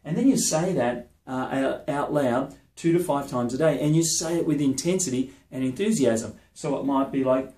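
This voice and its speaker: A man's voice: mid-range voice, moderate pace, few pauses, warm tone, reverberant. A man, a business and sales coach, gives an emphatic motivational talk to camera. He keeps checking in with the listener.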